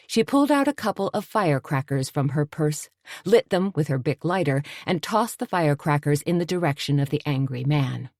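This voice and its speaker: A woman narrating an audiobook in a steady, measured storytelling voice. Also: sits low, no room sound, studio quality.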